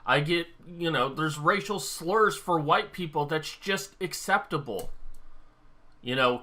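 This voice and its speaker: Bright-voiced man rambling to camera. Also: on the high side, animated, unhurried. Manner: rambling, thinking aloud. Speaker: vlogger. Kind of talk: casual talk-to-camera monologue.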